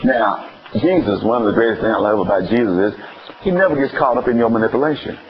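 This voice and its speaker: A man with a Southern US accent preaching a playful, animated sermon with call-and-response. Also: fairly low pitch, quick pace, muffled recording, a little hiss or hum.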